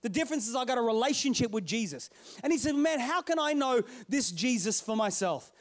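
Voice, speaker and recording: A middle-aged male pastor telling a story in a sermon, playful and animated, calling out to his congregation. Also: very high voice, fairly quick.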